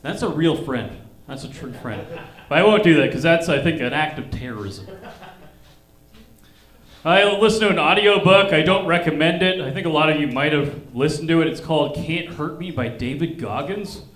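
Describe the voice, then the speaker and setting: A man's voice: on the high side, moderate pace, fairly bright tone. A man doing stand-up at a comedy club, with dry observational jokes. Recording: roomy club sound, live stage mic.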